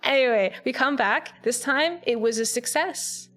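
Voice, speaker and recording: A woman with a fairly high voice tells a game story in a loose, chatty streamer way, giggling as she goes. Soft background music plays faintly behind her. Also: measured pace. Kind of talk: casual game recap.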